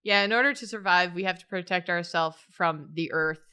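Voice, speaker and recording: A woman's voice: fairly low pitch, brisk, pushed and bright, smooth. A woman chatting while drawing, teasing the others playfully. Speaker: show host and artist. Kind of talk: casual chat while drawing.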